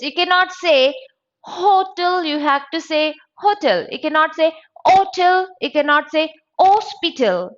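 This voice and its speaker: A woman teaching an exam-prep grammar lesson, repeating each sound slowly to drill it. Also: high-pitched, a bit bright. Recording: dull lo-fi audio.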